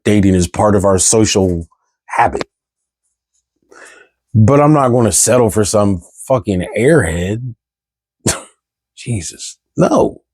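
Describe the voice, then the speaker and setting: A man's voice: on the low side, expressive, slow, pauses often, darkish tone, no room sound. Exasperated, cursing man ranting to camera. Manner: exasperated, profane, rhetorical questions. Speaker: vlogger. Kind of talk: candid ranting monologue.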